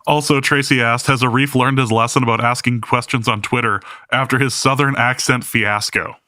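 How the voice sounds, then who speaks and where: Wry man with a bright, dry voice. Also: medium pitch, steady tone, no room sound. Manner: wry, halting with fillers. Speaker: podcast host. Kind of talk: casual chat.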